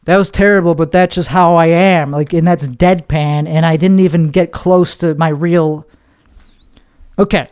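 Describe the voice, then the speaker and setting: Young guy comedian rambling on his podcast, swears a lot, smooth voice, a bit high. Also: darkish tone. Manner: rambling, self-mocking, profane, slips into put-on voices. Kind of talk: confessional monologue.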